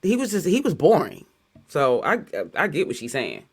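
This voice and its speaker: Give me a man with a highish voice giving relaxed, chatty commentary. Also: moderate pace, slightly rough. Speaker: commentator reacting. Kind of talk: casual chat.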